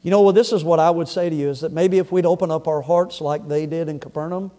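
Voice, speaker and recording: Fast and steady, with a fairly high pitch and a dark tone, a middle-aged man preaches from the pulpit of a church sanctuary. Between scripture readings he tells funny, conversational stories, sometimes backing up to restart a sentence.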